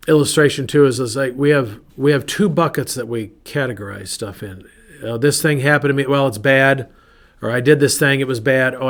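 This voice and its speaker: A man, a pastor hosting his own show, giving an earnest, conversational devotional talk with many restarts, acting out prayers and quotes. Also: mid-range voice. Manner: acts out prayers and quotes in a shifting voice. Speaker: pastor and podcast host.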